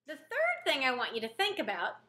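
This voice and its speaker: A woman's voice: sits high, huge pitch swings, brisk, sharp tone. A middle-aged woman school counselor giving a classroom lesson to students, earnest and explaining with everyday examples.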